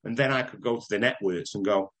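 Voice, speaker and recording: An older man with a Manchester accent, telling stories in a casual interview, chatty and quick to laugh. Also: fairly low pitch, fairly bright tone, poor audio. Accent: Northern English, Manchester. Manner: chatty anecdotal, laughs often, does voices in stories. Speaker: interviewee, broadcaster.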